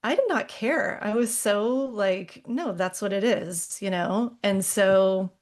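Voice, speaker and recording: A woman's voice: mid-range voice, slow. A woman chatting casually on a podcast, a yoga studio owner who fills her talk with "like" and "you know".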